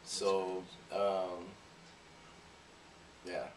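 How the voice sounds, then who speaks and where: A man's voice: sits low, monotone, very slow. Easygoing man in an echoey room. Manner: easygoing, talks while eating. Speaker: show host. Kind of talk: casual news chat. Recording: echoey room, far from the mic, faint noise.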